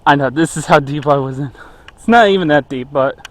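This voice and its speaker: A man's voice: fairly high pitch, fairly quick. A man walking through woods and talking casually, out of breath, rambling with many fillers. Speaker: vlogger. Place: outdoors in woods.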